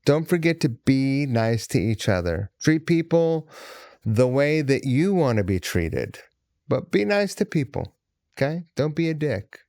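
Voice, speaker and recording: A man's voice: medium pitch, big pitch swings, measured pace, a little mellow, no echo, clean studio sound. A man hosting a podcast, chatting casually and swearing freely with a guest. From Seattle. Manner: laid-back, profane, chatty. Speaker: podcast host. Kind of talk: casual chat.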